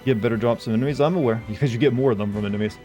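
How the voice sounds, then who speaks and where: A man's voice: medium pitch, rapid-fire, warm tone. Man rambling profanely over his gameplay. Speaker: streamer. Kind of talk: casual live-stream gaming commentary. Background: faint game music.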